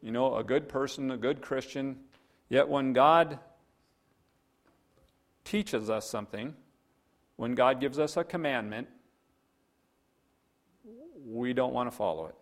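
A man's voice: medium pitch, slow pace, long pauses. A man preaching a sermon, earnest, quoting scripture and telling a story. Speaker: pastor.

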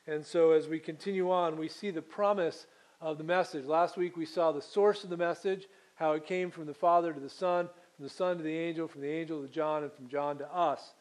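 Man preaching with halting restarts. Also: fairly high pitch, darkish tone. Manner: teaching with many fillers and restarts. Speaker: pastor. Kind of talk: sermon with scripture reading.

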